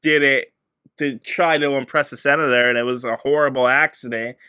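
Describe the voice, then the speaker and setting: Male podcast co-host, bright and somewhat high voice, casual rambling delivery, dry recording. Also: steady tone, brisk, clean tone, dry recording. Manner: rambling, self-correcting. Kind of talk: casual movie review chat.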